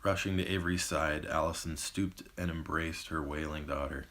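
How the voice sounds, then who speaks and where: A man, the author, reading his own novel as measured audiobook narration. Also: very deep voice, fairly even intonation, a bit bright. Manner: measured storytelling.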